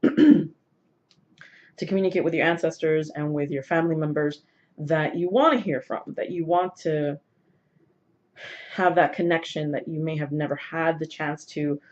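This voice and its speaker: A woman's voice: low-pitched, moderate pace, darkish tone. A woman vlogger with a sore throat, casually telling a personal story to camera, rambling with many fillers and restarts. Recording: dull lo-fi recording.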